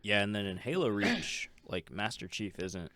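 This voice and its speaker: A man's voice: on the low side, big pitch swings, normal speed, bright, forceful tone, no echo, clean studio sound. A man co-hosting a podcast in casual chat, easygoing, laughing often and leaning on fillers. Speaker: podcast co-host.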